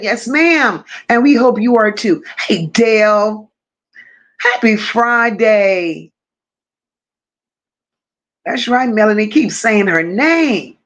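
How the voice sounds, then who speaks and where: A woman's voice: a little high, expressive, slow, fairly bright tone, highs cut off. A woman hosting a casual livestream, affectionately greeting viewers one by one and reading their comments aloud. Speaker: livestream host.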